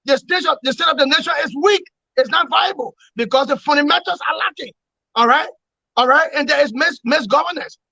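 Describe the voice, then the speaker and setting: A man giving forceful political analysis in an interview, emphatic and repetitive, lecturing his points. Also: very high-pitched, a little fast, creaky, no echo, dull audio. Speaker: opposition commentator.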